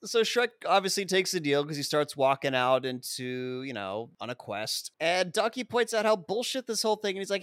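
A man's voice: fairly high pitch, big pitch swings, moderate pace, few pauses, a bit bright, no echo, clean studio sound. A man co-hosting a podcast, casually retelling a film's plot, acting out quotes and swearing freely. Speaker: podcast co-host. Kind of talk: casual movie recap.

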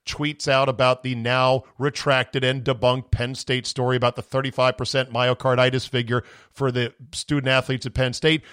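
A man hosting a podcast, ranting sarcastically with profanity and a voice strained from shouting. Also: mid-range voice, steady tone, fairly quick, few pauses, no echo, clean studio sound. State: voice going from screaming. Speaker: podcast host. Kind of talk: casual podcast rant.

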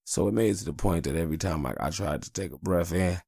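A man's voice: low-pitched, quick pace, gravelly, hardly any pauses, darkish tone, dry recording, clean studio sound. A man hosting a solo podcast, talking casually in a rambling, profane, blunt way about his family and life. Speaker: podcast host.

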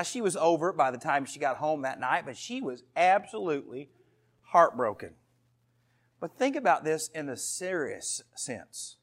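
Earnest pastor preaching, higher male voice. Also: a bit bright. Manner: earnest, storytelling with asides to the congregation. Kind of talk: sermon.

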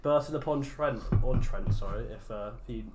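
Young bloke hosting the drinks bit, wry, mock-posh delivery. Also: male voice, medium pitch, moderate pace, noisy background. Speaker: podcast co-host. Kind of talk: casual chat.

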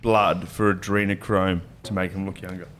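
A man's voice: sits low, level tone, moderate pace, fairly bright tone, a little hiss or hum. An Australian man telling a heated, sweary story in casual pub chat. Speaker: podcast guest.

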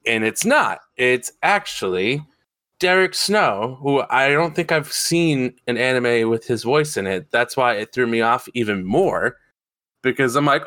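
A man co-hosting a podcast in casual chat, excitable and rambling, swearing freely. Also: mid-range voice, measured pace, dry recording. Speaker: podcast co-host.

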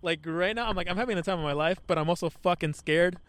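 A young man co-hosting a podcast outdoors at night, rambling excitedly with lots of swearing into a microphone. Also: high-pitched, quick pace, clear, resonant tone. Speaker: podcast co-host. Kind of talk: casual chat.

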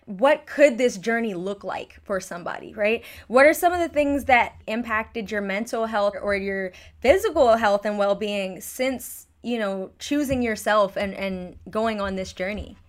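A woman's voice: medium pitch, unhurried, few pauses. A woman hosting a podcast interview, affirming her guest and asking long, open questions. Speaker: podcast host. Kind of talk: interview conversation.

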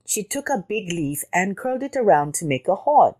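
A woman hosting a children's story channel, reading a storybook aloud with expressive sound words. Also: mid-range voice, normal speed. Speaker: storyteller host.

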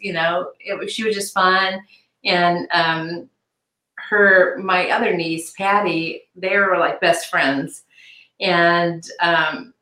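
A middle-aged woman being interviewed, speaking haltingly with many restarts and turning animated when she quotes people. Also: fairly low pitch. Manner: animated when quoting others. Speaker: interview guest, victim's aunt. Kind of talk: conversational interview. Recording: echoey room.

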